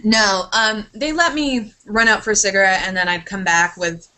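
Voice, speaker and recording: A woman's voice: mid-range voice, normal speed, bright, forceful tone. A woman in casual podcast chat, telling a rambling, sidetracked story with casual swearing and a lot of apologizing.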